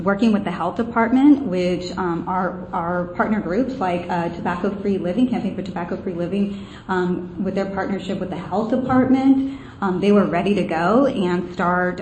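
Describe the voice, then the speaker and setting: A woman giving a heartfelt, animated presentation as a campaign advocate. She tells the story with frequent ums. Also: on the low side, a little hiss or hum. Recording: echoey room with faint ambience.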